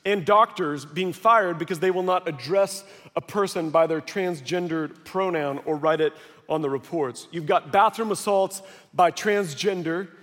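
Male pastor, high voice, lively storyteller preaching in a big reverberant church. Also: unhurried. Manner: animated storytelling with acted quotes. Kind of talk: sermon. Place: large church hall. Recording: long hall reverb.

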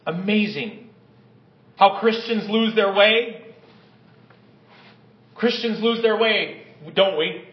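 A male preacher with a high voice reads scripture and preaches in a dramatic way, rising and falling between loud calls and quiet, low murmurs. The sound is echoey and a little dull. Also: slow pace, long pauses. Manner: dramatic, varies pitch and loudness, drops low and quiet for emphasis. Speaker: pastor. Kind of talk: sermon with scripture reading.

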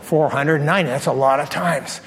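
A man preaching a sermon as pastor, telling a story with lively, acted-out asides to his congregation. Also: on the high side, normal speed. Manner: animated storytelling, acts out his own thoughts. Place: large church hall. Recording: long hall reverb.

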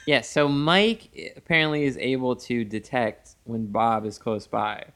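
Man, podcast co-host, recapping plot, deadpan wisecracks, casual. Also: medium pitch, unhurried. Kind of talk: casual chat, recapping an episode.

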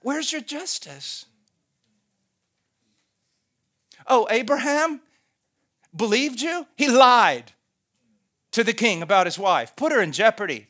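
A man's voice: sits high, very animated, unhurried, pitched above the performer's own voice, full character voice. A preacher voicing a scornful male devil who mockingly accuses God with rhetorical questions.

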